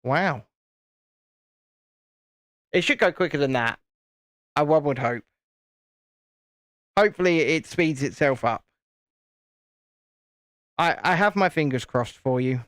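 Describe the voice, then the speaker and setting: A British man chats away on a live stream, playful and easygoing, often tripping over and restarting his sentences. His voice sits a little high for a man. The sound is close and dry, with no room around it. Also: expressive, slow pace, pauses often, fairly bright tone, no echo. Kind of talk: casual chat while building Lego live.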